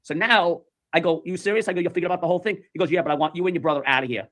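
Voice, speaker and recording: A man's voice: on the high side, rapid-fire. A man telling a story in casual chat, animatedly acting out the voices of the people in it. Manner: animated, acts out quoted voices.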